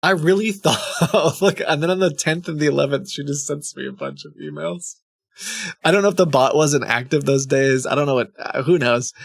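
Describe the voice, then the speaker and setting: Gravelly, amused male streamer. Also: fairly high pitch, normal speed, no echo. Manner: amused, chuckling asides between readings. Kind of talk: casual live-stream commentary.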